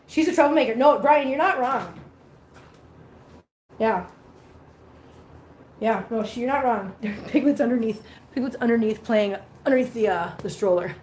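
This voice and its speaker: A woman's voice: fairly high pitch, moderate pace, long pauses, a little mellow, slight background noise. A woman hosting a casual live stream from home, chatting with viewers and cooing at her cats in baby talk. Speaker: cat channel host.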